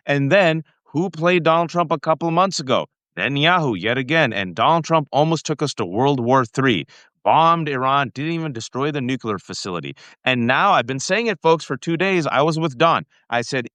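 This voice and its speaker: A man's voice: a little high, animated, normal speed, fairly bright tone, no room sound. A man hosting a political commentary show, speaking with passion and talking straight to his viewers. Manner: impassioned, addresses viewers directly. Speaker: host.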